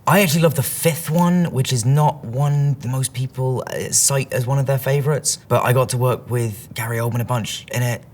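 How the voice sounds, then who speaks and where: A man's voice: medium pitch, moderate pace, hardly any pauses. A man in his thirties with a London English accent, answering interview questions in a chatty, self-deprecating way and reading each question aloud. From England. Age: 30s.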